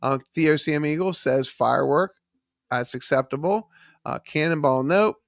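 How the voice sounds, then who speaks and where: A fairly high, creaky male voice, a little slow, reads viewers' chat names and trivia answers aloud during a live stream. He uses many filler ums. The recording, made on a studio microphone in his home studio, is dry.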